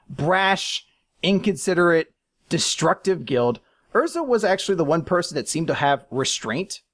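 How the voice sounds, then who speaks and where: Animated podcast co-host, lively pitch. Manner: animated, sarcastic, bursts into shouted impressions. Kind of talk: casual chat, ranking list.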